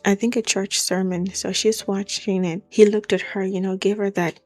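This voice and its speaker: A young woman tells a true story in a relaxed, conversational way. She talks at a mid pitch and often breaks off into personal asides. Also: moderate pace, faint music behind. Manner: chatty and personal, with asides about her own life. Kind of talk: casual true-crime storytelling.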